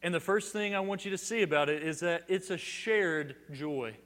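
A middle-aged man delivers a sermon in a slightly high voice, rising to loud declarations and dropping to hushed emphasis. He often stumbles and repeats a word before his phrase. The sound carries a long reverb from the church sanctuary. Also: normal speed. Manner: repeats words as he restarts phrases. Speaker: pastor.

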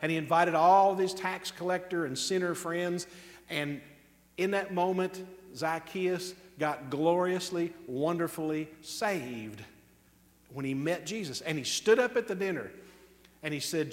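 A man preaching a sermon emphatically, drawing out key words slowly and tossing off quick asides. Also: a little high, big-room sound. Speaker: pastor.

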